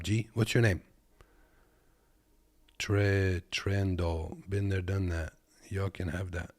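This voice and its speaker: Deep-voiced man in laid-back commentary. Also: no room sound. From Kazakhstan. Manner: laid-back, joking, talks to viewers as "boys". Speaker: truck driver and reaction video host. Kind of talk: casual reaction commentary. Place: at his desk.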